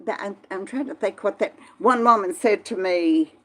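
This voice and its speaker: A woman's voice: medium pitch, normal speed, a bit bright. An older woman, chatting casually on a live stream and answering viewers by name in a folksy way. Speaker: vlog host reading live chat.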